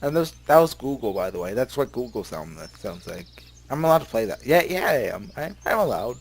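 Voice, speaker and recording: A man's voice: medium pitch, big pitch swings, a little fast, vocal fry, breathy edge. Giggly rambling man reading a game aloud. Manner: rambling, giggly, stumbles over words. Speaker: let's play gamer. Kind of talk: casual let's play commentary, reading game text aloud. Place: his bedroom at home.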